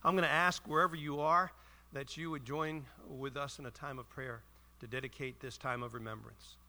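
A man's voice: medium pitch, fairly even intonation, moderate pace, sharp tone. A man pastor giving a solemn Good Friday sermon and prayer, reading prepared words earnestly.

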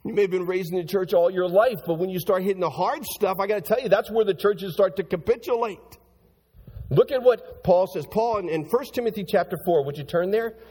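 A man preaching a sermon as pastor, swinging from hushed, low passages to loud, high-pitched bursts as he reads and explains scripture. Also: fairly quick, breathy edge, big-room sound. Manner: animated preaching with big swings in pitch and loudness.

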